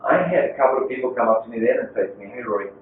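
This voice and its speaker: A man's voice: mid-range voice, lively intonation, rapid-fire, a little hiss or hum. A man preaching a sermon as pastor, telling a story in a conversational way. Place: church. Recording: echoey far-off phone-like church recording.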